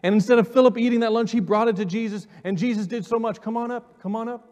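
A man's voice: very high voice, steady tone, fast, a little mellow. A pastor in his forties preaching a sermon with a personal testimony, earnest, repeating words and inviting the congregation forward. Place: church sanctuary. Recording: long reverb of a church hall.

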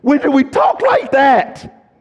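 A middle-aged man, a pastor preaching a sermon and swinging between quiet, low passages and loud, emphatic lists. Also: huge pitch swings, slow pace, highs cut off. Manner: preaching with rising and falling intensity, stressing word lists. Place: church sanctuary. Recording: long church hall reverb.

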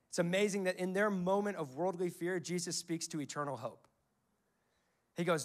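This is a pastor in his twenties or thirties delivering a sermon, weaving in scripture quotes as he tells stories in a relaxed, conversational way. He has a high voice and speaks at a normal speed.

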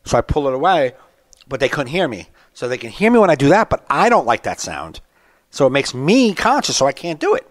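A man in his thirties, a stand-up comedian telling a story on a podcast, animated and acting out his own rants. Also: medium pitch, fairly quick, no room sound. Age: 30s. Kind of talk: casual podcast chat.

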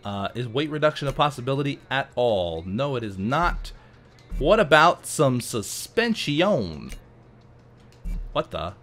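A man at a mid-range pitch narrates his own gameplay in a casual, joking way. He drifts between relaxed chatter and sudden excited outbursts. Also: unhurried, faint music behind. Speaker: let's play host.

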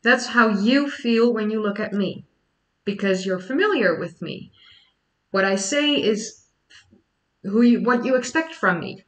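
Dutch woman, young adult, mid pitch, casual chatty livestream host, sitting back from the mic. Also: expressive, measured pace, far from the mic, low-quality recording. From Netherlands. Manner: chatty, explains at length. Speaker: history YouTuber. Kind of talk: casual livestream chat answering questions.

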